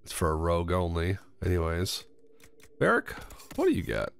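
A man's voice: low-pitched, huge pitch swings, normal speed, gravelly, smooth. A man giving casual let's-play commentary, rambling, swearing freely and talking to himself and the game characters. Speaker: gamer playing a video game.

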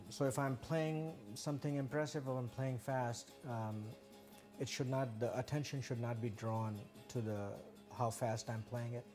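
A man, a guitar teacher, giving thoughtful, hesitant interview answers. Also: medium pitch. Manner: thoughtful, hesitant with many fillers. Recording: soft music in the background.

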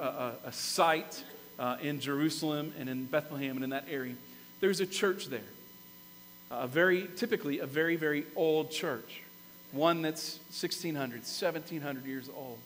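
A man with a fairly high voice preaches in a church sanctuary, retelling a story with animated emphasis that climbs to loud peaks. The room gives a long reverb, and a faint hum sits under his voice. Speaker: pastor. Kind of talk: sermon.

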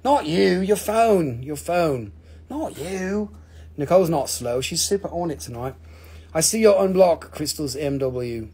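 A man hosting a live-stream crystal auction in casual chat, excitable and joking, swearing freely. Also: on the high side, unhurried.

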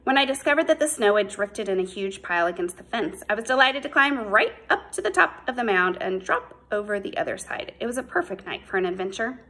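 A woman narrating a novel as an audiobook in a measured, unhurried way. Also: medium pitch, expressive, sharp tone, low-quality recording.

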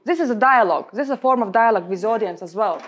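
A young adult woman with a Latvian accent, giving a lecture on public speaking to a room of colleagues in emphatic, halting non-native English. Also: a little high, a little hiss or hum. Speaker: guest speaker.

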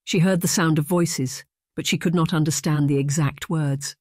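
Male audiobook narrator, measured and even, dry booth sound. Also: a little high, no room sound. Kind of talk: scripted narration.

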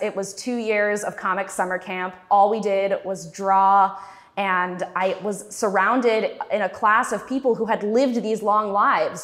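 A woman's voice: medium pitch, fairly bright tone. A woman in her twenties giving a talk as a cartoonist, chatty and self-deprecating, with frequent ums. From Texas. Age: 20s. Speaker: cartoonist guest speaker. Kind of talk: festival talk, personal storytelling.

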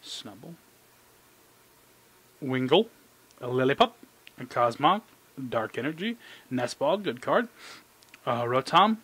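A man giving casual, jokey commentary as he opens trading card packs, excitable and talking to his cards. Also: medium pitch, slow, pauses often, breathy edge. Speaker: card collecting YouTuber. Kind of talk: casual pack-opening commentary.

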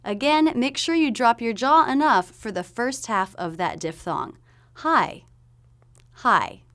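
Female pronunciation coach, clear and methodical. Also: a little high, expressive, a bit bright. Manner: clear, demonstrates sounds slowly. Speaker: pronunciation teacher. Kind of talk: explanatory pronunciation lesson.

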